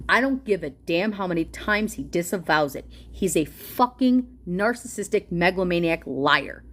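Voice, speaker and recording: A woman's voice: on the high side, a little mellow. Woman ranting hard at the camera, cussing nonstop, heated and in-your-face. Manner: heated, profane, rapid-fire and confrontational. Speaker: political commentator reading a policy document aloud. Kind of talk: angry direct-to-camera rant.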